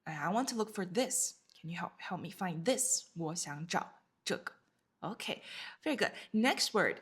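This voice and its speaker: A woman's voice: fairly low pitch, lively intonation, slightly rough. A woman teaching an online Chinese lesson, patiently repeating each word and explaining it in English. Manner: patient, repeats words slowly with English glosses.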